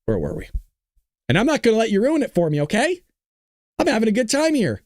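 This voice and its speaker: A man in his thirties hosting a casual political commentary show, excitable and hyped up, laughing often and teasing his chat. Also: sits high, a little fast, no echo. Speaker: show host.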